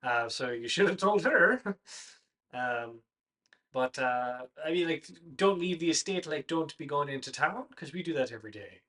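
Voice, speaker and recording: A chatty, friendly Irish farmhand, put on by a man, talking in a raised, bright voice that sits a little off the mic. He rambles and laughs easily, like a tabletop-game character glad to see an old friend. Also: on the high side, animated, moderate pace.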